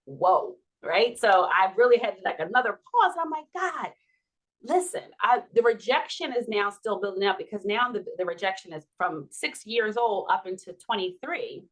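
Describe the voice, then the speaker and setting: A woman's voice: medium pitch, normal speed. A woman in her forties, a podcast guest, telling a personal story with laughs and acted-out dialogue. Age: 40s. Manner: animated, laughing, acts out quoted dialogue.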